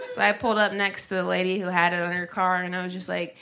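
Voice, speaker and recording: A woman from Ohio doing stand-up comedy in a dry, deadpan style. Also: on the low side, fairly quick, vocal fry. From Ohio, USA. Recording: noisy live recording.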